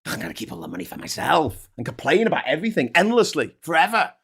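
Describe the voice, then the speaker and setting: A man's voice: fairly high pitch, wildly swooping pitch, fast talker, gravelly, a bit bright, husky, full character voice. A man voicing a smug, outraged rich homeowner in a sneering, mocking parody.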